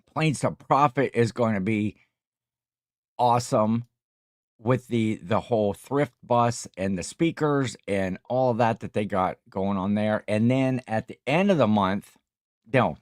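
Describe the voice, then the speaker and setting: With a lowish voice captured in studio quality and without echo, a weary middle-aged livestream host chats casually. He reads viewer comments aloud, rambling and joking as he goes.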